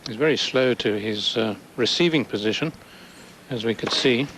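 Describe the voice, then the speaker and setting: A man's voice: mid-range voice, a bit bright, slight background noise, rough recording. A man giving thoughtful color commentary on a tennis match, reading the players' movement. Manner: unhurried, thoughtful, analytical. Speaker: tennis analyst. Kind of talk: sports commentary.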